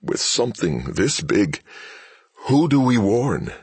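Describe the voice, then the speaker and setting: A man's voice: fairly low pitch, big pitch swings, takes it slowly, husky, dry recording, pitched above the performer's own voice, exaggerated voice. A man putting on a frantic, desperate scientist. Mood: shaken. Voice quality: shouting and stammering in alarm.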